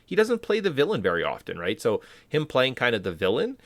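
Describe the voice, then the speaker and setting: A man's voice: mid-range voice, wildly swooping pitch, fairly quick, no room sound. A man co-hosting a casual podcast, rambling through filler words and mock quotes. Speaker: podcast co-host. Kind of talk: casual chat.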